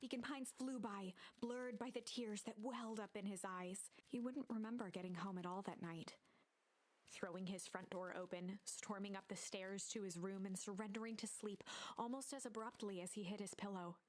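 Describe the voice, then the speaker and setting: A voice narrating a storybook adventure game in a soft, even storyteller manner. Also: mid-range voice, moderate pace, close to an everyday voice.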